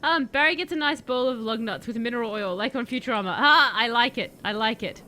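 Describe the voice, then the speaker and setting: Female streamer, playful and chatty, slightly high voice, light noise floor. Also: brisk. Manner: playful, chatty, bursts into excited shouting. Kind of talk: live game commentary. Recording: faint background noise.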